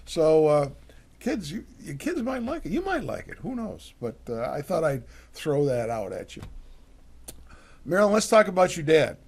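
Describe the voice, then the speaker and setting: A man's voice: on the high side, wildly swooping pitch, moderate pace, creaky, a little mellow, slightly rough. Older man rambling about family recipes. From United States. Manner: rambling, lots of fillers and restarts. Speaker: cooking show co-host. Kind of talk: casual chat.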